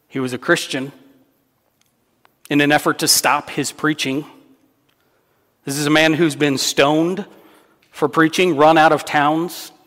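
A male pastor delivers a sermon in an earnest, emphatic way, circling back to key phrases for weight. His voice sits a little high for a man. The sound carries a long reverb from a large church hall. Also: a bit bright.

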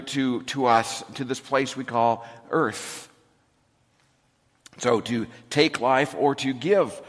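A man preaching a sermon to his congregation, talking in a relaxed way with humor and dropping to a soft voice for emphasis. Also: on the high side. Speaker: pastor. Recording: reverberant hall recording.

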